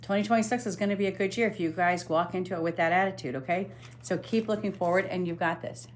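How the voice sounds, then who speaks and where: A woman's voice: on the low side, steady tone, fast, a little hiss or hum. A woman hosting a live stream as a psychic medium, reading cards aloud in casual chat, swearing now and then and humming while she scrolls.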